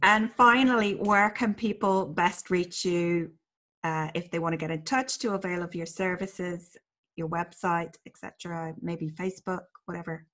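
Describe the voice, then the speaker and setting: A woman's voice: lowish voice, fairly even intonation, moderate pace, fairly bright tone. A woman from Ireland hosting an interview podcast, chatty and effusive in her thanks. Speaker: podcast host. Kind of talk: casual interview chat.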